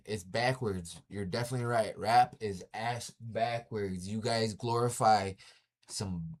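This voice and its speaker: A man ranting on a casual livestream and answering his chat. He is blunt and profane, throws "yo" into his sentences again and again, and repeats lines for emphasis. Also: lowish voice. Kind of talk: casual rant to live chat.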